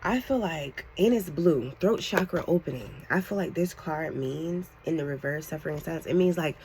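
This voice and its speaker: Excitable woman giving a tarot reading. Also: low-pitched, normal speed, slight background noise. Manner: excitable, animated, fills talk with "like"; slang-heavy casual address to viewers. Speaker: tarot reader. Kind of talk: channeled tarot reading to camera.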